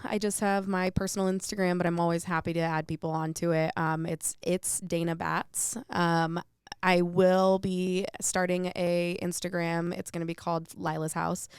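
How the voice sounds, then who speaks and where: A woman speaks as a podcast guest in a low, gravelly voice that still comes across smooth and full. She tells her stories earnestly and reflectively. The recording is dry and close. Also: no echo. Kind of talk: casual interview conversation.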